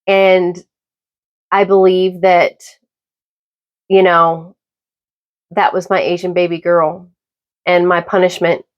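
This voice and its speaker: A middle-aged woman hosting her own podcast, talking through a personal, opinionated monologue in a halting, emphatic way. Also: fairly low pitch, flat delivery, highs cut off. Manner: emphatic, halting with repeated restarts. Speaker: podcast host.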